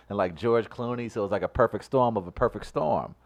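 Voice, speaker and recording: A man's voice: fairly low pitch, darkish tone. A man co-hosting a podcast, telling rambling jokey stories in casual banter. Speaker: podcast co-host.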